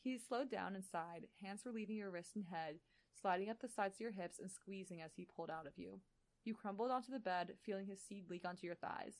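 Podcast co-host, woman: average pitch, reads fan fiction dramatically, keeps cracking up. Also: fairly quick, darkish tone. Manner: giggly, breaks into laughter, chatty asides.

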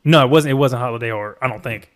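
A man co-hosting a casual reaction chat, telling stories in a rambling, animated way with swearing. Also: medium pitch, fast talker. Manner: rambling, animated storytelling with profanity. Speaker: podcast co-host.

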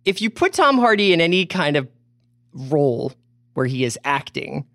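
A man's voice: a little high, big pitch swings, moderate pace, fairly bright tone, no room sound. A man co-hosting a podcast, chatting casually and dropping dry jokes. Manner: dry, joking asides. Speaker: podcast co-host. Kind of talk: casual chat.

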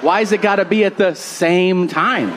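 A man performs stand-up, spinning a crude story in a voice pitched high for a man. He plays out each person in it as he goes. Live crowd noise rolls underneath. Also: moderate pace. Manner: crude, exaggerated storytelling with acted-out quotes. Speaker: stand-up comedian. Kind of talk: stand-up comedy set. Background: crowd laughter and ambience.

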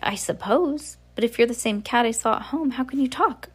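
A woman's voice: a little high, normal speed, slightly rough, voice pushed up. A woman reading aloud, voicing a polite, curious young girl with an earnest, pleading manner. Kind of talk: storybook read-aloud.

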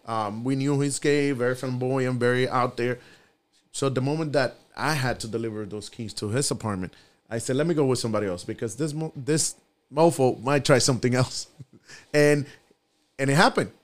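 Man, podcast guest, casual chat, relaxed, repeats phrases, average pitch. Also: normal speed.

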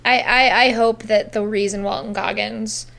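A woman's voice: mid-range voice, steady tone, moderate pace, creaky, pushed and bright. A woman on a casual podcast chat, making wry joking asides.

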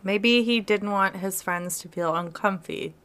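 A woman co-hosting a podcast in casual chat, tossing in quick reactions. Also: mid-range voice, fairly bright tone. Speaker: podcast co-host.

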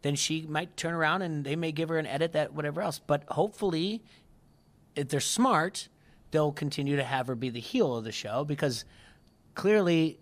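Rambling podcast co-host, mid-pitched voice. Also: normal speed. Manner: rambling, restarts often, animated retelling. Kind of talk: casual chat.

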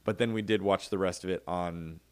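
Middle-aged male co-host, lower register, animated and laughing storyteller, dry booth sound. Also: a little fast, no room sound. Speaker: podcast co-host. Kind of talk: casual chat.

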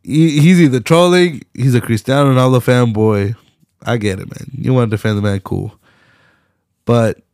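Hosting his own podcast, a young man goes on a casual solo rant packed with slang, profanity and laughs. He has a medium-pitched, gravelly, slightly mellow voice, captured in a dry, studio-quality recording.

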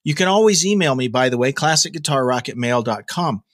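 A man's voice: medium pitch, lively intonation, fairly quick, fairly bright tone. A man hosting a daily rock news podcast, talking casually with jokey asides and plenty of fillers and restarts. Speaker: podcast host.

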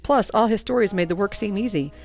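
A woman's voice: medium pitch, brisk, darkish tone, soft background music. Earnest woman narrating an audiobook. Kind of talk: first-person audiobook narration.

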